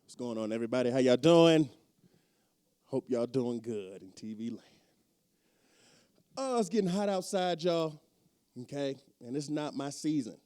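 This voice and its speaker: A man doing a self-deprecating stand-up set in a conversational manner, jumping up in pitch for the voices he quotes. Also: lively intonation, normal speed, long pauses, dark tone, clean tone. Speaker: stand-up comedian. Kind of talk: stand-up comedy.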